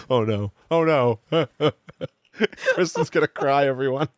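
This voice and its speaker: A man's voice: mid-range voice, slow, dry recording, clean studio sound. A young man co-hosting a podcast, throwing in teasing jokes during casual chat. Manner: wisecracking, teasing. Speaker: podcast co-host. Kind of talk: casual chat with joking asides.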